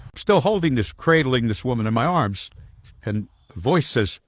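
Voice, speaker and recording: A man spins a spoken story with a lively, swooping pitch and blunt, profane wording. His voice sits in a plain middle register and sounds close and dry, with no room around it. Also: normal speed, dry recording.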